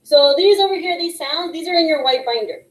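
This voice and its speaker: A woman teaching young students a phonics lesson, patient and encouraging, slowly sounding out letter blends. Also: very high-pitched, expressive, reverberant, poor audio. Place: classroom with a whiteboard. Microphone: microphone picked up partway.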